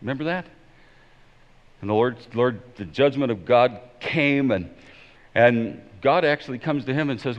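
A man preaching a sermon as pastor, emphatic and swinging between loud declarations and hushed pleading. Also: medium pitch, normal speed. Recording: dull sound in a long-reverb hall.

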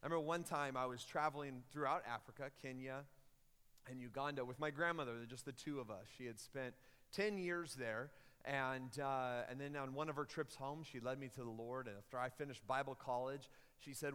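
A young man preaching a sermon, telling a story in an animated way and rising loud and high at the big moments. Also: brisk, clear, resonant tone. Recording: long hall reverb.

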